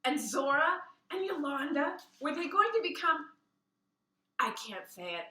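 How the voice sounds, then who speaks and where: A woman reading a children's book aloud in an expressive way, with asides, heard roomy and from a distance. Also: sits high, a little slow. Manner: expressive, adds asides and laughs. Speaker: reader.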